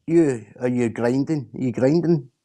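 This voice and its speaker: A man's voice: mid-range voice, moderate pace, warm tone. A Scottish man in casual chat on a stream, blunt, sweary and repeating himself as he rants.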